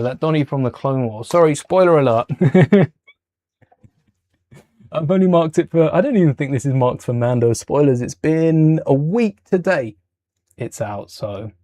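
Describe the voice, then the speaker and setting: A man's voice: medium pitch, mellow, no echo, clean studio sound. A man hosting a casual livestream while building Lego, chatting with viewers in a rambling way and correcting himself as he goes.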